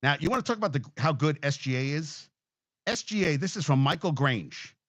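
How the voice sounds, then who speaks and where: A man's voice: fairly high pitch, expressive, fairly quick, fairly bright tone, dry recording. A man hosting a casual sports talk show, rambling, swearing freely and getting emotional as he talks.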